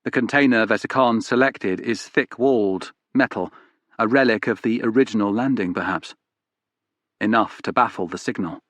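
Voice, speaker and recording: A man reading a novel aloud in first person, in a measured, even storytelling manner. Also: lowish voice, no echo. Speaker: audiobook narrator. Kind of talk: first-person scripted narration.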